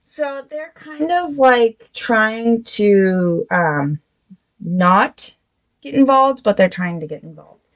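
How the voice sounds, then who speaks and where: A woman's voice: a little high, animated, takes it slowly, poor audio. A woman hosting a casual book review podcast, retelling the plot in a rambling way with many fillers.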